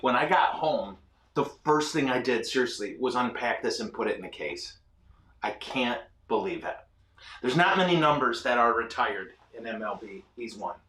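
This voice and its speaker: A man hosting a casual ministry show, telling animated, self-deprecating stories with lots of fillers. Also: mid-range voice, moderate pace, reverberant, far from the mic. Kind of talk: casual storytelling chat. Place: ministry studio.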